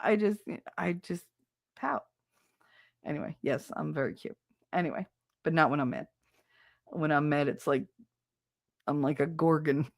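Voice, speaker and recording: A woman's voice: deep voice, no room sound, studio quality. A middle-aged woman hosting a livestream, chatting casually and laughing as she tells stories and acts out quotes. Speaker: livestream host. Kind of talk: casual chat, reading out viewer comments.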